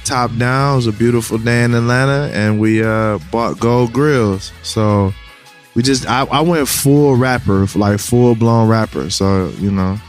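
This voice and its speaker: A man talking as a rapper guest on a podcast, laid-back and slangy, animated when he quotes others. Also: medium pitch, unhurried, faint music behind. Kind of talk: casual chat.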